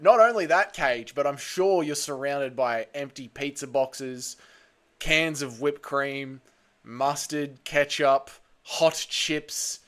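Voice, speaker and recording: A young Australian man hosting a casual livestream, a little hungover, bantering loudly with chat and calling everyone mate and brother. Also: a little high, slow pace. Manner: loud, blokey banter with frequent "mate" and "brother". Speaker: livestream host.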